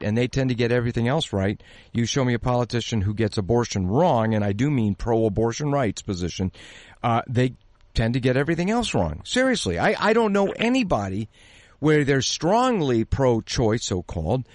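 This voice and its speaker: A man's voice: medium pitch, darkish tone, no room sound. A man hosting an interview, talking in an emphatic, conversational way and leaning on key words. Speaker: interview host.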